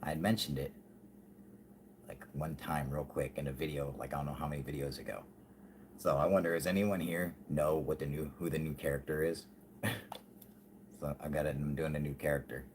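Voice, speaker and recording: A man's voice: a bass voice, fairly even intonation, a little fast, pauses often, a little hiss or hum. A man hosting a casual live stream, reading chat aloud, laughing often and swearing constantly.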